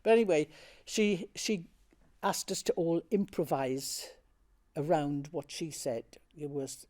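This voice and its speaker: A woman's voice: low voice, expressive, slow, a little mellow. An older woman, a stage actor, recalling her theatre career in a chatty, anecdotal oral history interview, often laughing as she talks.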